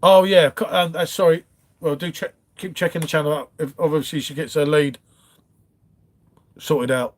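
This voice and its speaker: A man with a fairly high, steady voice talks at a moderate pace, pausing often. He's hosting a casual livestream from his front room, rambling through viewer comments and calling everyone mate.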